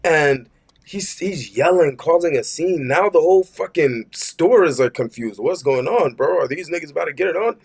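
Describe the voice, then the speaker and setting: A man's voice: on the high side, animated, normal speed, vocal fry, slightly rough. A young man telling a work story in a rambling, slangy storytime rant, cursing and saying "bro" constantly. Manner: rambling, with many fillers and restarts.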